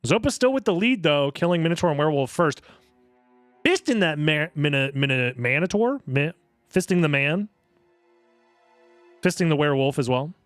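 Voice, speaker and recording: A young man casually commentating a live video game tournament in a rambling, jokey, excitable way. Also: a little high, moderate pace, long pauses, dry recording, faint music behind.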